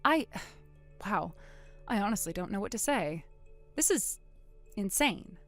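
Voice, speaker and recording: A woman voicing a calm, vengeful young woman who coldly springs a trap on her sister in a text-story drama. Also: mid-range voice, takes it slowly, soft background music. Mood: hurt. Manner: cool, quiet, coldly sarcastic.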